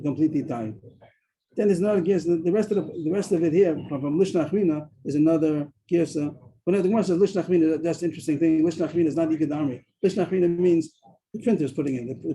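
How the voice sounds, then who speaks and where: A man leads a Talmud study class on a video call. He explains at a rapid clip in a dark, mellow voice, often stopping to restart his sentences. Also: a little high, poor audio. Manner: explains quickly, with frequent restarts.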